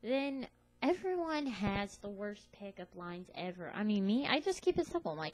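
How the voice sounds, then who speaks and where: A young woman ranting casually to camera, sassy and animated, acting out the voices of people she quotes. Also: mid-range voice, moderate pace, dry recording, low-quality recording. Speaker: vlogger.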